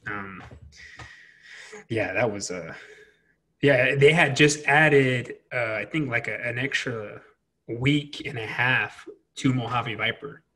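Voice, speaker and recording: A man with a bright, slightly husky voice tells profane stories from his service days. He talks loosely, with plenty of fillers and a laugh at the edges of his words. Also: mid-range voice, takes it slowly. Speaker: Marine veteran interviewer. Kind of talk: casual chat.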